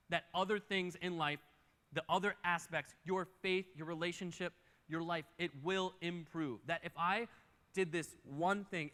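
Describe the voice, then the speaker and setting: A man preaching a sermon as pastor, telling the story fast and animatedly and acting out the characters. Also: high voice, pushed and bright, long reverb tail. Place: church auditorium.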